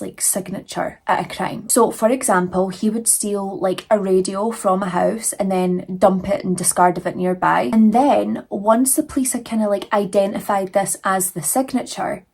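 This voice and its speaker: A woman's voice: medium pitch, vocal fry, a little mellow, slightly rough. A young adult woman hosting a true crime channel, telling the case in a chatty, casual way full of fillers. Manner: chatty, frequent "like" and "you know" fillers.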